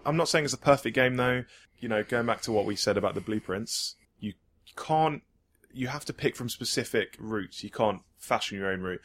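A man's voice: fairly low pitch, fairly bright tone. A man co-hosting a podcast, talking with enthusiasm about a racing game and getting carried away. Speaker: podcast co-host, game reviewer. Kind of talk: casual chat.

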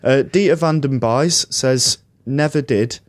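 A man's voice: medium pitch, a little slow, no room sound. Mancunian man, podcast co-host, chatty storyteller, dry close recording. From Manchester, England. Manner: chatty, rambling, laughs often. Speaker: podcast co-host reading listener answers. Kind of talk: casual chat.

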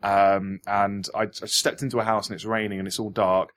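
Lowish-voiced guy on a podcast, quick interjections then earnest explaining. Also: little pitch movement, a bit bright. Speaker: podcast co-host. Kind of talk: casual chat.

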